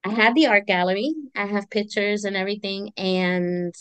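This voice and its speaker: A woman's voice: mid-range voice, normal speed, smooth, no room sound. A middle-aged woman, an artist and army veteran, telling her story as an interview guest and acting out the voices in it. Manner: animated, acts out voices in her stories. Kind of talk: conversational storytelling.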